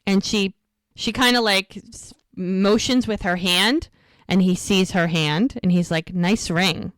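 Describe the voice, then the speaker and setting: A woman co-hosting a rewatch podcast, casually retelling scenes and quoting the characters in quick bursts. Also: mid-range voice, no echo, clean studio sound. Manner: chatty, quotes characters in quick lively bursts. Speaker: podcast co-host recapping episodes.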